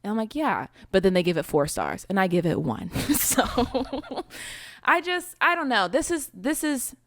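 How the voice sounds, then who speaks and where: A woman's voice: mid-range voice, very animated, normal speed, a bit bright, dry recording, clean studio sound. A young woman co-hosting a casual podcast chat, blunt and laughing often as she swears through her opinions. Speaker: podcast co-host.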